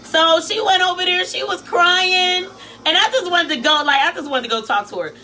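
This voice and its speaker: Philly woman vlogging, high bright voice, slangy n animated, cusses a lot. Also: normal speed. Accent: Philadelphia. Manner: animated, slangy, swears freely, acts out quotes. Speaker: vlogger and life coach. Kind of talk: casual storytelling chat.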